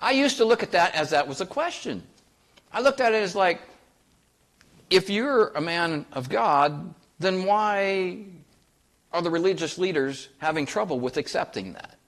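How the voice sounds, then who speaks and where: A man's voice: high voice, expressive, measured pace, fairly bright tone. A man preaching a sermon in a folksy, conversational way, asking the congregation questions and joking with them. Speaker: pastor.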